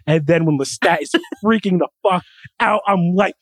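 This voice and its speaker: A man co-hosting a casual pop-culture chat, excitable and acting out quotes with the odd swear word. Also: high voice, normal speed, dry recording, rough recording. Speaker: podcast co-host.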